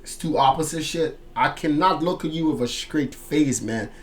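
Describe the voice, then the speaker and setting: A man hosts a music reaction, breaking down the lyrics line by line in casual, slangy language punctuated by loud, excited outbursts. His voice is on the high side and moderately paced.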